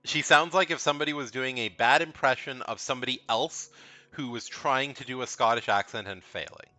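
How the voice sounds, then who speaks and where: A man's voice: mid-range voice, fairly quick, pushed and bright, dry recording. A man giving casual, rambling commentary as he ranks video game characters, frank and blunt, often repeating himself. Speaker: video game tier list creator.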